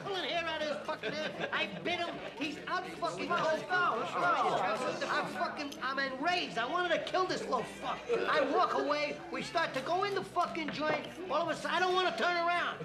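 An actor playing a hot-headed mobster who tells a violent story in a crude, laughing, excitable way. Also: male voice, very high-pitched, normal speed, hardly any pauses, roomy sound, a loud crowd. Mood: boastful. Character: hot-headed male mobster bragging about a fight. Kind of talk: film dialogue.

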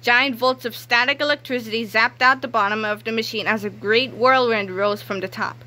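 A woman reading a children's book aloud in a lively, expressive way. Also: fairly high pitch, normal speed. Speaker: narrator.

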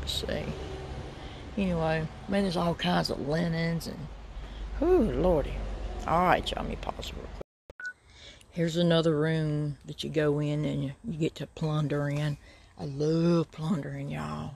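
A middle-aged woman with a Southern US accent chats casually with viewers in her thrift-shopping vlog, drawling and calling them y'all. Her voice is low-pitched with vocal fry, and there's background noise.

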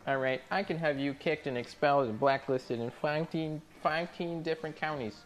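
A man's voice: fairly high pitch, normal speed, faint music behind, voice pushed up, lightly acted. A man putting on the voice of a snooty, indignant role-play purist who scolds in a huffy, self-important way.

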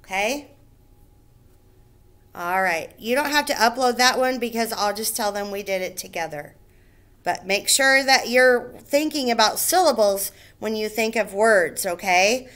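A woman teaching a first grade reading lesson to young children, speaking patiently and clearly and sounding out words syllable by syllable. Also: medium pitch, a little slow, a bit bright. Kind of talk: recorded remote reading lesson.

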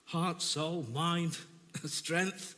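A man preaching a sermon in a church, telling an emotional personal testimony with halting repetitions. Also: on the high side, fairly even intonation, sharp tone. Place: church hall. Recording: reverberant church hall.

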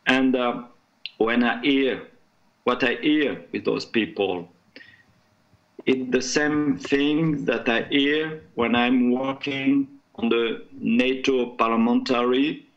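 A French-speaking man talks on a panel in slow, hesitant English and pauses often to find his words. The audio is dull and lo-fi, with the top end muffled. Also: medium pitch, fairly even intonation. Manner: halting, searching for English words. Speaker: panel guest, French parliamentarian. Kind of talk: panel discussion remarks.

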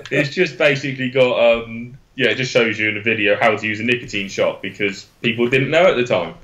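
A man's voice: medium pitch, brisk, fairly bright tone. A young man with an Oxfordshire accent, chatting as a guest on a live stream, rambling and correcting himself as he goes, with easy laughs. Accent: Oxfordshire English. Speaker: guest, e-liquid maker. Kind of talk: casual live-stream chat.

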